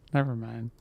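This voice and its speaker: A male host with a mid-pitched voice talks through a casual recap. His delivery is loose and offhand, and the sound is dry, with no room echo. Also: vocal fry, lo-fi sound. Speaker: channel host.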